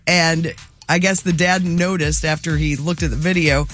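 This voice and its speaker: A man's voice: on the high side, fairly even intonation, moderate pace, a bit bright. Man, radio host, casual chat, teasing, light music bed. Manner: chatty, teasing, laughs often. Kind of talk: casual morning show chat.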